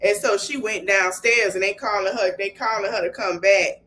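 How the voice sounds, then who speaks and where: A woman hosting a podcast, casually recapping a reality show in an animated retelling and often laughing. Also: mid-range voice, moderate pace, a little hiss or hum. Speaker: podcast host.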